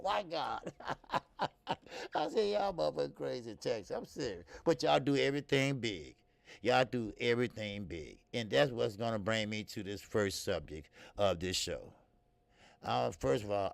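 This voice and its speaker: A middle-aged man from the American Midwest runs a casual live boxing talk stream, loose and profane, chatting straight to his viewers. His voice is heavily gravelly and sits a bit high, with a lot of rise and fall in pitch. The sound is dry and close. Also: dry recording. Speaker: boxing talk show host. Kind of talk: casual live-stream chat reading comments.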